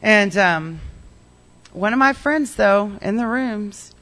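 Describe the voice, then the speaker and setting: Candid, animated recovery-meeting speaker; mid pitch, conversational, acts out dialogue. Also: slow pace. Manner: peppers speech with "like" and "you know". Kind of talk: personal recovery story told to a meeting.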